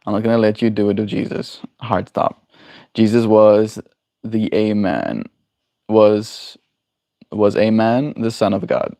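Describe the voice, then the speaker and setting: A man's voice: on the low side, unhurried, vocal fry, dark tone. A man streaming live, musing in a casual way and answering his chat's questions. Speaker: daily livestreamer. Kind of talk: casual livestream chat with viewers.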